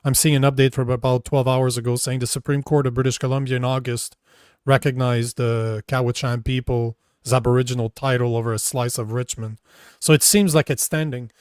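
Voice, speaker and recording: A man's voice: mid-range voice, level tone, fairly quick, darkish tone, clean tone, no echo. Male co-host, casual political chat, loose and hesitant delivery, dry close sound. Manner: loose and conversational, hesitant when recalling facts. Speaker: political talk show co-host.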